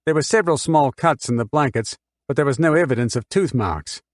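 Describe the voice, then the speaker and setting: A man's voice: medium pitch, expressive, dry recording, clean studio sound, pitched above the performer's own voice, lightly acted. A man voicing a cool, probing barrister. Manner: formal, measured questioning.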